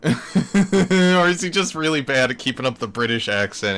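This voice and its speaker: A man's voice: on the high side, very animated, moderate pace, a bit bright. A man streaming live, mocking a video in casual commentary and laughing often.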